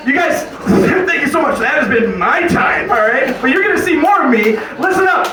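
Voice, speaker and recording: A man emceeing a comedy show, announcing comics in a loud, high-energy way. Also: lively intonation, normal speed, music in the background. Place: comedy club stage. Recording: echoey club from a distant mic with crowd.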